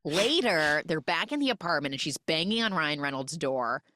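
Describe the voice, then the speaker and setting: Woman host, comedic recap, animated, swooping pitch, dry studio. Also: no echo. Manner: animated, jumps into quick character voices. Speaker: podcast host. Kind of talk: comic film recap.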